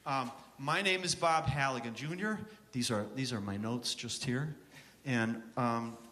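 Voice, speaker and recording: A man's voice: medium pitch, a little slow, sharp tone, big-room sound. A man in his fifties from upstate New York, giving a joking, chatty songwriting workshop in a church chapel and bantering with the audience. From Syracuse, New York, USA. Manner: wisecracking, self-deprecating, chatty with the audience. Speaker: songwriting teacher presenting a workshop. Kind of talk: joking conference workshop talk.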